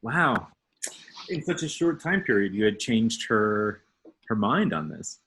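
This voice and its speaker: A man's voice: fairly low pitch, sing-song, a little slow, fairly bright tone, slight background noise. A man hosting a podcast interview, reacting with encouraging remarks and laughter. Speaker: podcast host. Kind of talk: casual interview chat.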